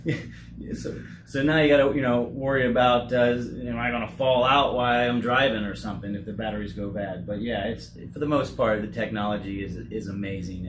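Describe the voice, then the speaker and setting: A man in his forties, owner of a roofing company, speaking candidly in an interview, halting and repeating words as he talks. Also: lowish voice, fairly even intonation. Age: 40s. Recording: echoey room with noise.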